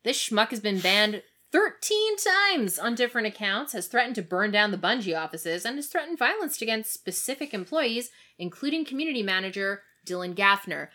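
A woman's voice: medium pitch, sing-song, moderate pace, few pauses, bright, forceful tone. A woman co-hosting a casual gaming news podcast, sassy and emphatic, with blunt, profane asides. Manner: sassy, emphatic, swears, bursts of laughter. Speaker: podcast co-host.

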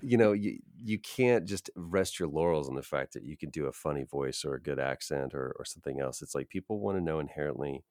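A man's voice: rumbling low, expressive, brisk, few pauses, darkish tone, no echo, clean studio sound. A man, a voice actor and podcast guest, talking earnestly and reflectively as he gives advice. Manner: earnest, emphatic, advice-giving. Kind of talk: reflective interview talk.

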